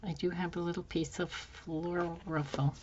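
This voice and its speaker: A woman hosting a craft tutorial, musing softly to herself as she works, her voice a little hoarse. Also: on the low side, little pitch movement, normal speed, highs cut off, a little hiss or hum. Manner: soft-spoken, musing aloud while working. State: slightly hoarse, losing her voice. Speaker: craft channel host. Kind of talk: casual craft tutorial chat.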